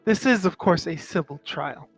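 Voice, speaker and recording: A man voicing a composed, regal drow woman who presides over a trial with slow, formal politeness. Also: a little high, creaky, soft background music, rough recording. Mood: commanding.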